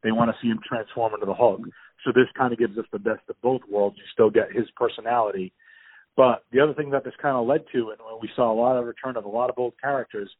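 A man's voice: mid-range voice, steady tone, fast talker, no echo. A man in casual talk about a movie, enthusiastic and rambling, with many fillers and restarts. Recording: tinny phone-like audio.

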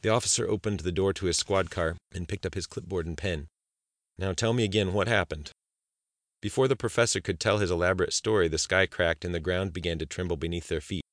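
A man narrates a suspense novel in a deep, low voice. His delivery is steady and measured. The recording is dry and close, with no room sound. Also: dry recording. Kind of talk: scripted audiobook narration.

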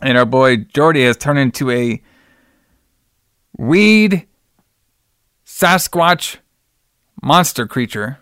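A man's voice: medium pitch, moderate pace, few pauses, a bit bright, clean tone, no echo, studio quality. A man hosting a podcast, casually retelling a movie's plot and acting out the characters' lines in his own voice. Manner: loose retelling, acts out quotes in plain voice, calls cohost brother. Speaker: podcast host. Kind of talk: casual movie recap chat.

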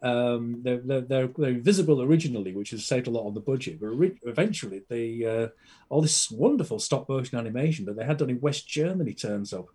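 A man's voice: medium pitch, quick pace, warm tone, slightly rough. A man chatting as a podcast guest, enthusiastic and rambling with plenty of fillers. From Britain. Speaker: podcast guest, film collector. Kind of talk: casual chat.

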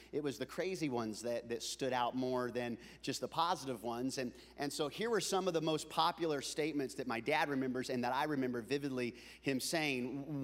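A man preaching a comic storytelling sermon, animated and building up to shouting. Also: medium pitch, in a large hall. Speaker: pastor.

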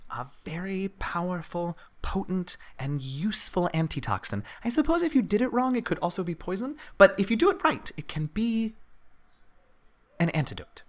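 A woman playing a small kobold, polite, curious, broken halting speech, raised pitch. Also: sing-song. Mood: musing.

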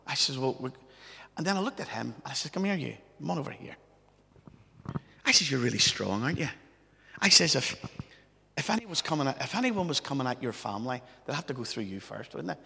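Man, pastor, gravelly, bright tone, chatty storytelling sermon, long hall echo. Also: medium pitch, big pitch swings, brisk, pauses often. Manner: chatty, anecdotal, tags lines with "right?".

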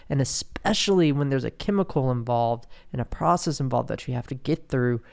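Gravelly man speaking candidly. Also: mid-range voice, darkish tone. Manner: candid, halting, many restarts and fillers. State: in withdrawal pain, slowed. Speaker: podcast host. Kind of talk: personal monologue.

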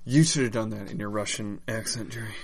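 A man's voice: on the low side, fairly quick. A man hosting a podcast, recapping comics in a candid, wry way and swearing casually. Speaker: podcast host.

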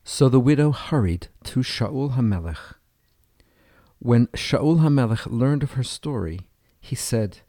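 Mellow-voiced male storyteller. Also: mid-range voice, animated, a little slow, no room sound, clean studio sound. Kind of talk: storybook narration.

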